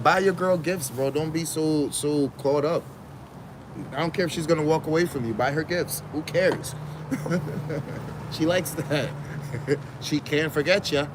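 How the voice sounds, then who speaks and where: Man, casual livestream rant, slangy and profane, laughs a lot, repeats himself for emphasis, slightly high voice, faint traffic outside. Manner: slangy, profane, laughs often between points. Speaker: livestream host.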